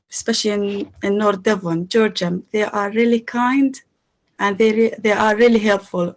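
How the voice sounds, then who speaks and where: Interview guest: woman from Syria, halting English full of pauses. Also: medium pitch. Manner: non-native English, halting, with many pauses and fillers. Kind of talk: casual interview.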